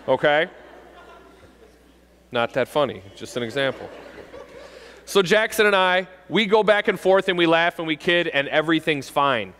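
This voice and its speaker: A police officer in his forties talks to schoolkids in a joking, animated way, acting out how kids tease each other. His voice sits a bit high for a man. The sound rings with the long echo of a big hall. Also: normal speed, clear, resonant tone. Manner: jokey, animated, acts out kids' voices. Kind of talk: school assembly talk. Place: school gym or auditorium. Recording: long reverb of a large hall.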